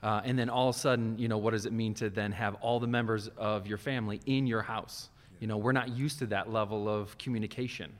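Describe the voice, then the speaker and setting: A man who pastors children speaks in a relaxed, thoughtful way, pausing with small fillers. His voice sits low, and a long reverb hangs around it. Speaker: kids ministry pastor. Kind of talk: casual discussion. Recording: reverberant room sound.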